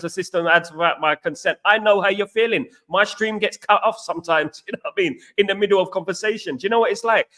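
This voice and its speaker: Bright, high-voiced man hosting a live stream. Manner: chatty, greets viewers by name. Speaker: livestream host. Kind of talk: live stream chat reading comments.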